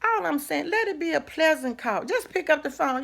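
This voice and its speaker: A woman's voice: high voice, lively intonation, normal speed, creaky, a bit bright. A middle-aged woman, giving a folksy, preacherly motivational talk full of asides and rhetorical questions. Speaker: host. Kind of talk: casual motivational talk to camera.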